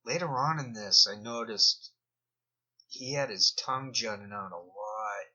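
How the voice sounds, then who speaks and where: Slow, bright-toned rambling man. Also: on the low side. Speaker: video commentator. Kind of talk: rambling screen-recording commentary. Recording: dull lo-fi recording.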